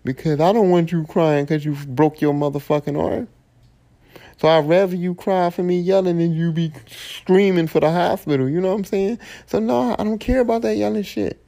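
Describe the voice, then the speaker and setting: Male podcast host, gravelly and dark-toned, blunt profane AAVE rant. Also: high-pitched, normal speed. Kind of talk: solo podcast monologue.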